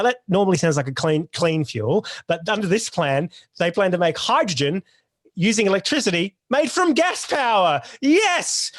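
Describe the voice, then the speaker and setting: A man hosting a comedy podcast, delivering sardonic jokes and a mock-excited rant. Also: sits high, no room sound, clean studio sound. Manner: sardonic, jokey. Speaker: podcast host. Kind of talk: comic topical rant.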